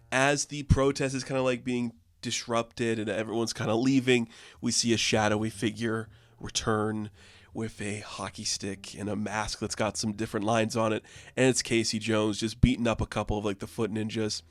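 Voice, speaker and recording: A man's voice: mid-range voice, no echo. A young man casually reviewing a comic book, rambling and peppering his talk with filler words.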